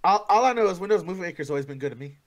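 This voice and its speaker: A man's voice: high-pitched, animated, rapid-fire, a bit bright. A man co-hosting a casual chat show, defensive and joking in the banter.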